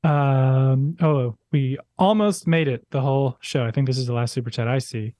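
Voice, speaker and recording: A joking, easygoing man co-hosts a casual talk show and reads viewer comments aloud. His voice is dark and mellow. The sound is dry, with no room echo. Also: medium pitch, normal speed. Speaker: co-host reading viewer comments. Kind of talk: casual chat.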